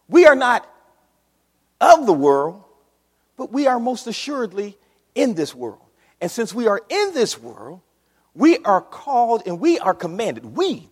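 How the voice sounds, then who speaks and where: A pastor preaching a sermon in a church, animated with call-and-response. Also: male voice, high voice, husky. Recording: long hall reverb.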